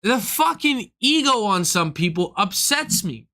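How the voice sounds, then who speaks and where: A man's voice: high voice, sing-song, measured pace, sharp tone. A young man, a comedian, in a casual, profane, heated rant to his stream viewers. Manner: profane, heated, swings into act-outs. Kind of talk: casual ranting monologue.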